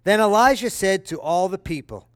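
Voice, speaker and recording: High-voiced preacher with dry sound. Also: male voice, moderate pace, dry recording. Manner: conversational asides, checks in with listeners; dramatic, lively reading of quoted speech. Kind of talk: sermon, reading and explaining scripture.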